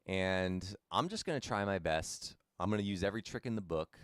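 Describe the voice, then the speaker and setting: A young man with a low, deep voice chats easily with his viewers while he streams a game. He is laid-back and talkative, calling people in the chat by name. The sound is dry and close, with no room echo. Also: lively intonation, fairly quick, clean tone. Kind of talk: casual live-stream chat.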